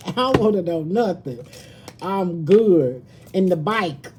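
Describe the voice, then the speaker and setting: A woman reads tarot cards on a live stream and talks to her viewers as a chatty, slangy host. Her voice sits a little low and she takes her time, drawing out words at an unhurried pace. There is a faint hiss behind her voice. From Southern United States. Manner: chatty, slangy, addresses viewers as baby and girl. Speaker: tarot reader. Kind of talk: casual live-stream chat.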